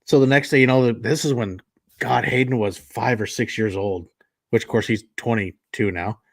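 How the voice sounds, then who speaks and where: A man's voice: mid-range voice, fairly even intonation, moderate pace, creaky. A man in his forties hosting a casual podcast chat, laid-back and swearing now and then as he tells stories. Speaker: podcast host.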